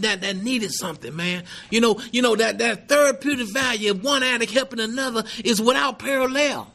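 Middle-aged man, very high and bright voice, emphatic recovery testimony at a meeting. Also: gravelly. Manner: emphatic and earnest, peppered with "man" and "right?". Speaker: recovering addict sharing at a meeting.

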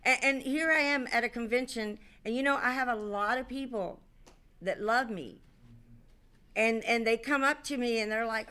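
On a convention stage, a middle-aged woman opens up to a recovery crowd about her life, rambling with frequent fillers and restarts and swearing without fuss. Her voice runs high with a sharp edge.

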